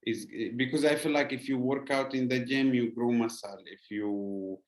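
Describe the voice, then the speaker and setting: A man's voice: mid-range voice, fairly even intonation, moderate pace, darkish tone. A man hosting a podcast, chatting casually and sometimes searching for English words, with loose grammar. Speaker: podcast host. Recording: roomy echo.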